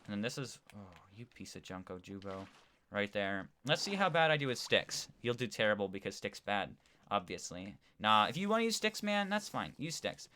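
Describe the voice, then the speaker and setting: Bright-voiced rambling male streamer. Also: lowish voice, very animated, normal speed. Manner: rambling, chatty, reads viewer chat aloud. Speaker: gaming streamer. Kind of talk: casual live-stream chat while playing.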